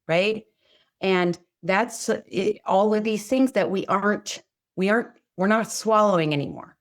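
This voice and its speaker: A middle-aged woman co-hosting a heartfelt talk show, speaking casually and acting out her own quoted words with big jumps in her voice. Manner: expressive, acts out quotes with big pitch jumps. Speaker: podcast co-host. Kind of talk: casual chat.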